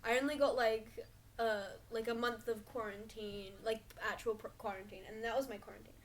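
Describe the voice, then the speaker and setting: High-voiced giggly young woman. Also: steady tone, fairly quick, a little hiss or hum. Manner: giggly, playful, jokey storytelling. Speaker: podcast co-host. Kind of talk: casual chat.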